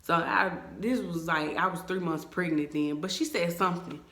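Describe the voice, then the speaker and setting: A young woman, telling a story to her viewers in an emphatic, animated way. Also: on the low side, moderate pace. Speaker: vlogger. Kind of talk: storytime vlog. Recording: echoey room.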